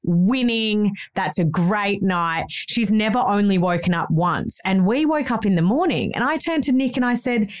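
A woman's voice: mid-range voice, expressive, normal speed, hardly any pauses. Brief: woman co-host, new mum, candid and chatty, casual with light swearing. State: mother of a baby. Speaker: podcast co-host. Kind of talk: casual chat.

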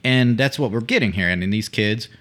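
A man's voice: on the low side, a little fast, a bit bright. A man co-hosting a casual podcast, recapping a story in a hesitant way with many fillers. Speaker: podcast co-host. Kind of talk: casual chat retelling a plot.

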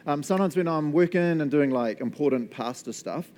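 A man's voice: fairly high pitch, fairly quick, a little mellow. A young adult man with a New Zealand accent, preaching a casual, playful sermon as pastor and acting out customers in silly voices.

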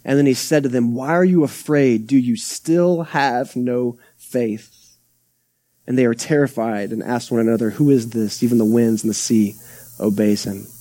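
Guy pastor preaching casual, mellow voice, acts out little quotes. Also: mid-range voice, steady tone, brisk. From Texas. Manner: conversational preaching with acted-out quotes and asides. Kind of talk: sermon. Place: church sanctuary.

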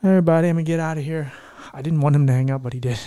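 A man's voice: fairly high pitch, steady tone, very fast, dark tone, clear, resonant tone. A man hosting a podcast in casual chat, talking in an earnest, heartfelt, rambling way. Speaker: podcast host.

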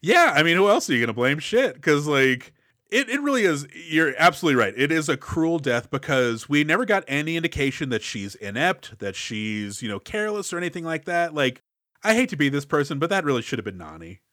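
A man's voice: a little high, big pitch swings, brisk, pushed and bright, no echo, studio quality. A man co-hosting a podcast, recapping a movie with wry, playful quips. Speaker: podcast co-host. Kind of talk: casual movie-recap chat.

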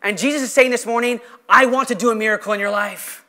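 A man preaching with a strikingly high, bright, forceful voice. His delivery is impassioned and emphatic, slowing down to press home key lines. He sounds like a pastor mid-sermon before a congregation. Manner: impassioned, emphatic preaching with slow stressed phrases. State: emotional.

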